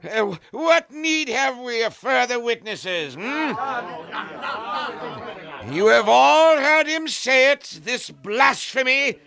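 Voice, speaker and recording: An actor playing a stern male high priest who presides over a council, imperious and hesitant with ums before his commands, in an old-time radio drama. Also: very animated, takes it slowly, hardly any pauses, crowd noise, exaggerated voice. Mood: outraged.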